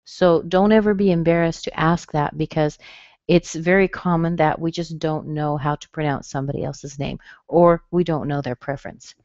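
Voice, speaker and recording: Low-voiced woman teaching pronunciation. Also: fairly even intonation, a little mellow, dry recording. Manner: slow, careful, over-enunciated demonstrations of stress. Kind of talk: webinar lesson. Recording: dull, dry webinar audio.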